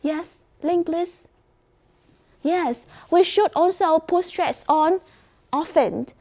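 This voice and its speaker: A woman English teacher with a Vietnamese accent, running a class and guiding her students slowly and clearly with encouragement. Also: high-pitched, dark tone.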